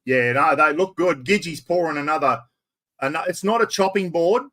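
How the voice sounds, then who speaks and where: A man's voice: on the high side, normal speed, bright, forceful tone. A middle-aged Australian man hosting a casual camping live stream, chatting in a blokey way, reading out viewer comments and swearing freely.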